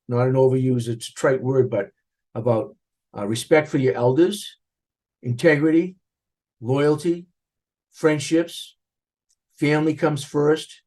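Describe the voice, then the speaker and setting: An older man with a Boston accent recalling his upbringing in an interview, animated and rambling, with frequent restarts. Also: medium pitch. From Boston area, USA. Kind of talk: reflective interview recollection.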